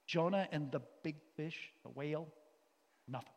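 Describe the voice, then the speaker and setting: A man with a high voice preaches a sermon in a hall. He speaks with passion, with sudden loud outbursts that give way to quiet, earnest passages. The hall's long reverb trails after his words. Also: normal speed. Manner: impassioned, shifts between loud outbursts and quiet earnest stretches. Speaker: teacher and pastor. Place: church or hall.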